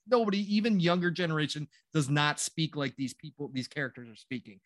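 A man's voice: on the high side, quick pace, a bit bright, dry recording. A man in his forties co-hosting a casual gaming chat, rambling with lots of fillers and a sarcastic edge. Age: 40s. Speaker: podcast co-host.

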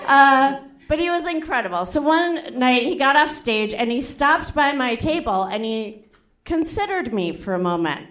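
A young woman doing stand-up, telling a story in a chatty, animated way and acting out the other people's lines. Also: high voice, a little slow, echoey room. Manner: animated, acts out quotes with voices, frequent "like". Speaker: stand-up comedian.

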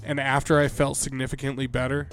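A man's voice: mid-range voice, monotone, fast talker, fairly bright tone, faint music behind. A man co-hosting a podcast in casual chat, a bit nasally and under the weather, laid-back and profane. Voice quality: nasally from a cold. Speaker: podcast co-host.

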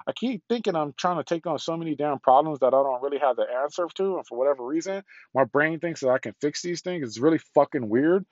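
A man's voice: fairly high pitch, quick pace, hardly any pauses, dry recording, highs cut off. A middle-aged man venting on a solo podcast from a parked car, rambling and frustrated, swearing a lot and sounding congested.

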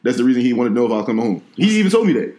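A young man in loose casual chat, racing through animated stories about home. His voice sits at a middle pitch and moves very fast. It bounces around a reverberant room. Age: young adult. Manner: fast, animated storytelling, quoting his parents.

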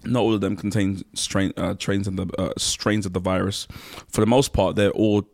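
A man's voice: low voice, level tone, normal speed, darkish tone, no echo. A man co-hosting a casual chat, teasing and dry in his manner.

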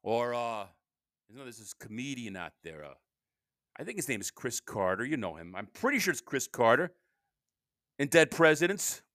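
A tired middle-aged man hosts a solo podcast monologue, rambling in a mid-pitched voice that rises and falls a lot at a moderate pace. Very animated, he keeps cutting himself off and swings between loud bursts and low mumbles. The dry recording sounds close, with no room around it.

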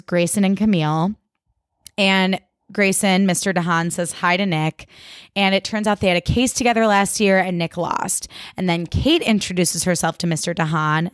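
A woman's voice: medium pitch, no echo, clean studio sound. A woman hosting a podcast, chatting casually through a TV recap with lots of "like" and wry asides. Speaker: podcast host.

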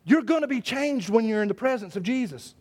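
A male pastor delivers an impassioned sermon in a strikingly high voice. He repeats words and starts phrases over as he presses each point on his congregation. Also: expressive, a little fast, a little mellow. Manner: impassioned preaching with repetitions and restarts.

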